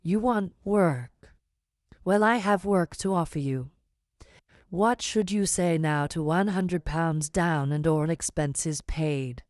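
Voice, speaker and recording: An unctuous, scheming middle-aged gentleman, as a woman reading the audiobook puts him on, measured and persuasive in every word. His voice sits low, and the recording is close and dry with no room sound. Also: dry recording. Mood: smooth persuasive. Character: large smooth-talking scheming middle-aged man.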